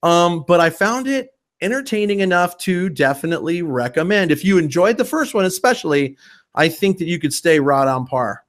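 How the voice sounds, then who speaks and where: Chatty guy hosting a movie podcast, high-ish voice, casual review talk. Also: animated, normal speed. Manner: upbeat, chatty. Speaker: podcast host.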